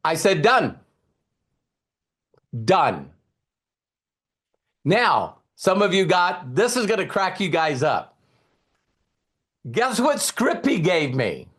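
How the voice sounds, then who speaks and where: A middle-aged man gives a motivational seminar talk on network marketing, animated and emphatic, acting out quoted conversations and repeatedly turning to the audience with questions. His voice sits high and husky, slow with long pauses.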